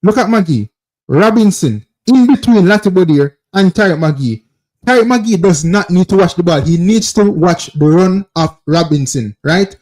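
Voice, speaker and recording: With a Jamaican accent and a high, expressive voice of darkish tone, a man hosts a football call-in show at a normal pace. He breaks down plays over footage insistently and repetitively, calling out to viewers and addressing them as people again and again.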